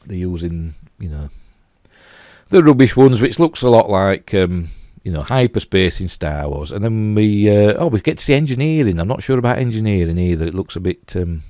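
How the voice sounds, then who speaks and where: A man's voice: lowish voice, animated, moderate pace, mellow, dry recording, studio quality. A man with a Yorkshire accent reviewing a TV episode in a loose, rambling way, full of "you know" and restarts. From Yorkshire, England. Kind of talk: casual spoken review.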